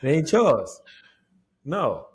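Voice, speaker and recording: A man's voice: on the high side, sing-song, extremely slow, slight background noise. A man co-hosting a podcast, teasing his partner in casual banter, laughing a lot and swearing freely. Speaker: podcast co-host. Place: indoor recording set.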